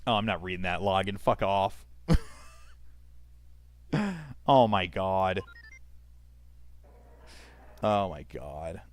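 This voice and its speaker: Low-voiced, profane male game streamer. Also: takes it slowly, pauses often, no echo. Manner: profane, rambling, talks to chat. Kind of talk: casual live-stream commentary, reading chat aloud.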